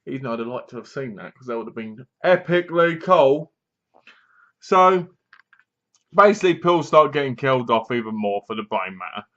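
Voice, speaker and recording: A man retelling a horror movie plot for his review vlog, rambling and loose, with lots of fillers. His voice sits at a middling pitch. The recording is dull and lo-fi. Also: animated, normal speed, a bit bright. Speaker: film reviewer. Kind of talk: casual film review vlog.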